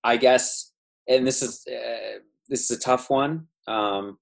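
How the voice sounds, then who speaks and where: A man co-hosting a movie podcast who talks in a hesitant, thoughtful way and fills his pauses with ums. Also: medium pitch, fairly even intonation, gravelly. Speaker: podcast co-host. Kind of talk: casual movie chat.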